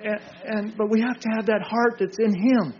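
A man's voice: high voice, fairly even intonation, normal speed, darkish tone, lo-fi sound. An older man preaching an informal sermon, earnest, asking questions and answering them himself.

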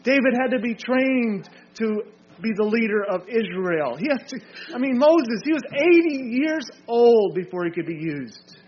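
A man's voice: very high-pitched, expressive, moderate pace, lo-fi sound. An older man preaching an informal sermon, earnest, asking questions and answering them himself.

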